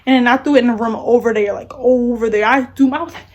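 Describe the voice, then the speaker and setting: A young woman rambles through a casual storytime, emotional and often repeating herself. Her voice sits a little higher than most. She talks close to the camera mic. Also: quick pace. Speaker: vlogger.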